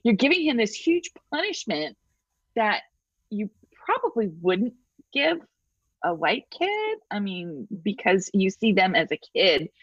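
Woman, co-host, emphatic, lively pitch, dull dry recording. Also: measured pace, slightly rough, no room sound. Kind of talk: casual podcast chat.

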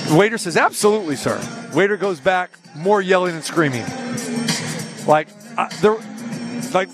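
A man hosting a live radio show from an arena, telling a story in a casual, animated way and acting out the people in it. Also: sits high, moderate pace. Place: arena during a live broadcast. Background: music and an arena crowd.

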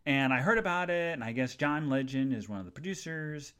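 A man's voice: on the high side, lively intonation, brisk, a bit bright, clean tone. A man hosting a casual solo podcast, telling everyday stories in a chatty way with funny asides. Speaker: podcast host.

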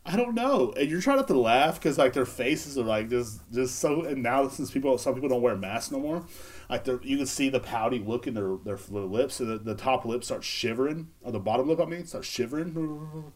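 A man's voice: medium pitch, expressive, moderate pace. A man hosting a casual solo podcast, rambling and joking with lots of swearing and filler words. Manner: rambling, joking, profane, laughs at own bits. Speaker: podcast host.

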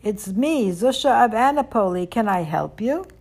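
A woman's voice: mid-range voice, lively intonation, normal speed, darkish tone, husky. A woman voicing a kind, humble, poor male rabbi in a storybook reading, earnest and eager to help.

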